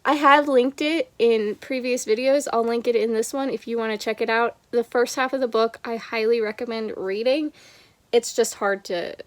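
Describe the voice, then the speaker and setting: A young woman talking through her month of reading in a casual home vlog, chatty and expressive, reading short passages aloud softly. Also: fairly high pitch, normal speed. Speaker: book vlogger.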